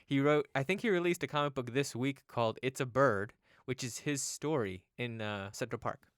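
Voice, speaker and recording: A man's voice: medium pitch, moderate pace, smooth, no echo, clean studio sound. A man hosting a comic book podcast, chatting casually and teasing his co-hosts. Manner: joking, teasing. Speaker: podcast host.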